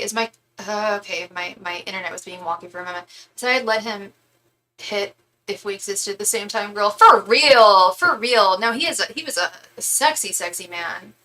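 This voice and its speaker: Young woman, bright and chatty, livestream host, gushes, restarts a lot, webcam mic at home. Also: medium pitch, poor audio. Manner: chatty and gushing, many fillers and restarts. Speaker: tarot reader and psychic livestream host. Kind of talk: casual livestream chat reading comments.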